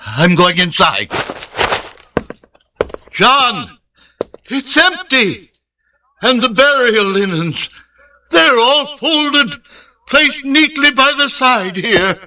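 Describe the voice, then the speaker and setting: An actor voicing an eager, impulsive male disciple in an audio Bible drama, urgent and excited. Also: sits high, takes it slowly, pauses often, exaggerated voice. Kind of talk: radio drama acting.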